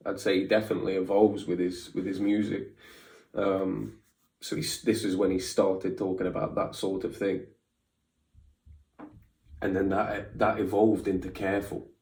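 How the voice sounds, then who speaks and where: A man's voice: sits low, level tone, normal speed, pauses often, darkish tone, roomy sound, far from the mic. A man hosting a reaction video, thinking aloud in casual commentary, repeating lines and stumbling over his words.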